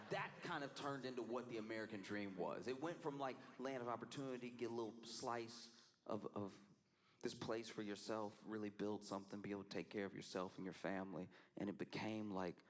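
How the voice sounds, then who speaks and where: With a fairly low-pitched voice and a little hiss or hum in the audio, a man talks casually on a live stream. He's lively, laughs a lot, and does playful voices when quoting others.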